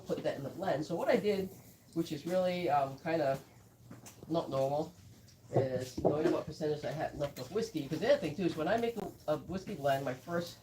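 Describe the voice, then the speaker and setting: A woman's voice: low voice, warm tone, recorded from a distance, a little hiss or hum, rough recording. A woman who blends whiskey, chatting through a live tasting and telling stories with quoted asides.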